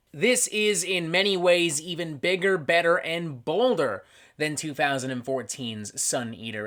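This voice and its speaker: A man hosting a metal album review show. He talks in an energetic, scripted monologue full of swearing and sarcastic asides. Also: fairly high pitch. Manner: animated, profane, sarcastic asides.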